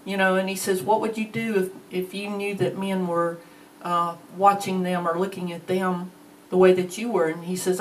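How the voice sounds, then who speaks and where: A woman's voice: fairly low pitch, fairly even intonation, distant mic, slight background noise, rough recording. A woman teaching a Bible lesson in a plainspoken, conversational way. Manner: slow, plainspoken, conversational with fillers.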